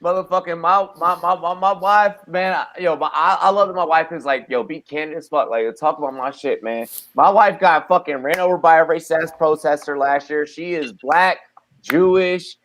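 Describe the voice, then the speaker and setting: A man's voice: a little high, a bit bright. A man hosting a casual podcast, talking in a heated, emphatic way with heavy swearing. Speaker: podcast host. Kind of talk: casual profane podcast chat.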